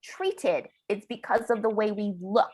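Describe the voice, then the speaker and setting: An American woman author in a conversational interview, animated and laughing, quoting others in mocking voices. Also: mid-range voice, a little slow, slightly rough. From United States. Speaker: author guest.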